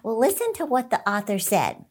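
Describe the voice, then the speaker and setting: Middle-aged lady giving an upbeat motivational talk, higher voice, bouncy storytelling, laughs a lot. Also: moderate pace, breathy edge. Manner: animated, excitable storyteller who laughs often. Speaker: inspirational speaker and channel host.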